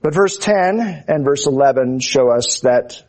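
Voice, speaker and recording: A man preaching an expository sermon with fervent emphasis, slowing down to stress key phrases. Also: mid-range voice, expressive, darkish tone.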